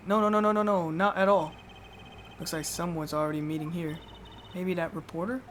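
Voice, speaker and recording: A woman streamer giving excitable live commentary on a game playthrough, swearing casually and laughing often. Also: on the low side, brisk, slight background noise.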